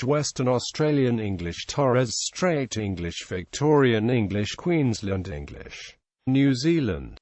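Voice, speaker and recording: A man narrating an encyclopedia article aloud, reading through a long list at an even cadence. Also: medium pitch, no echo.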